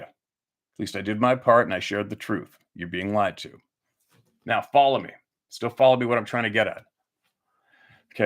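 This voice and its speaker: A man's voice: on the low side, fairly bright tone. A man hosting his own channel, delivering an angry, profane monologue full of restarts and rhetorical questions. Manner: heated, profane, repetitive ranting. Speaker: channel host.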